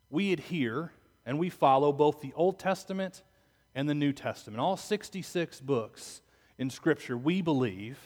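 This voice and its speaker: A man preaching a sermon as pastor, talking conversationally and asking his listeners rhetorical questions. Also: a little high. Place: church sanctuary. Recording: long reverb of a church hall.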